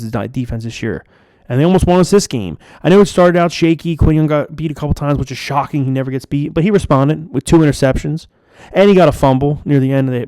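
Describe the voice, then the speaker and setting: A man's voice: fairly high pitch, dark tone, dry recording, studio quality. A man giving a frustrated, profane, rambling rant as a sports fan vlogger. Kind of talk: ranting fan commentary.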